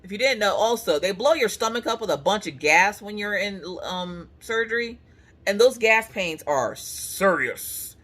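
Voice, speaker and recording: A woman chats casually to the camera. She tells stories with plenty of animation and acts out the people she quotes. Her pitch swings widely from high to low. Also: unhurried. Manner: animated storytelling with voiced quotes. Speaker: craft vlogger. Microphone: camera on the couch.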